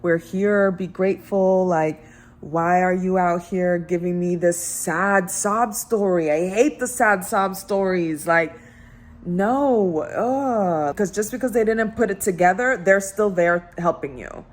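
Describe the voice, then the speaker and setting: A woman's voice: fairly low pitch, takes it slowly. A woman vlogger, a bit drunk, ranting and telling stories in a casual chat. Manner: ranting, animated storytelling. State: tipsy.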